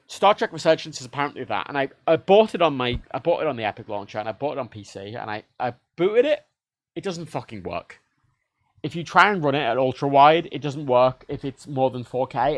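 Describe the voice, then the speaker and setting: Animated, swearing man ranting. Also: mid-range voice, fairly quick, no echo. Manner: animated, heavily profane, mimics devices in quoted voices. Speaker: livestreamer. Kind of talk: casual ranting monologue.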